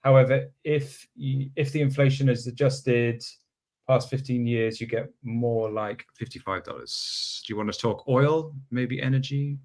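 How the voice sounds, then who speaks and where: A man with an ordinary mid-pitched voice reads listener questions aloud on a podcast. He pauses and trips over unfamiliar names. His delivery stays easygoing and plain. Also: steady tone, a little mellow. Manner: halting, stumbles over names. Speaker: producer reading listener questions.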